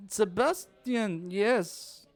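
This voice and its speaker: A man voicing a scheming male fair owner in a put-on accent, booming like a showman and then hissing bitterly. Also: drawn-out words, faint music behind, full character voice. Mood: showy. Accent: put-on foreign accent.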